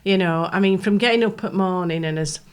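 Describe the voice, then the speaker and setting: A woman's voice: medium pitch, fairly quick, smooth. A middle-aged woman with a Northern English accent, chatting about family as a podcast guest, laughing often. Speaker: podcast guest, bride's mother. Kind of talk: casual chat.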